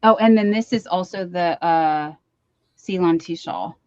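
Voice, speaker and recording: A woman's voice: lowish voice, unhurried, a little mellow, clean tone, dry recording, muffled recording. Chatty woman hosting a crochet livestream. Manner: chatty, rambling, reads chat comments aloud. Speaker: live stream host. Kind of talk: casual chat.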